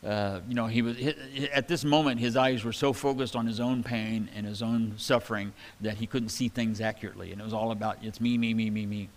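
Man, pastor, conversational sermon, scripture reading with asides, mid pitch, long hall reverb. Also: fairly even intonation, a little fast, hardly any pauses. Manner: conversational, reads scripture aloud and comments with asides.

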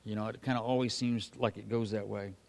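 A man's voice: lowish voice, fairly even intonation, brisk, creaky, darkish tone. A man teaching from the Bible in a folksy, conversational sermon, reading scripture and then commenting on it with frequent fillers and restarts. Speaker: pastor.

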